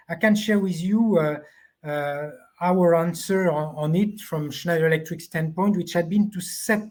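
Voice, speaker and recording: A man speaking as a panelist on an online discussion, halting and searching for his words over a video call. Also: on the high side, darkish tone.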